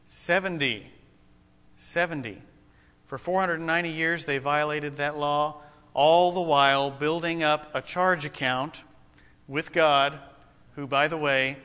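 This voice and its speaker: A man preaching a sermon, emphatic and slowing down to stress key points. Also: a little high, pushed and bright, clear, resonant tone. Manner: emphatic, slows down for weight. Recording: long hall reverb.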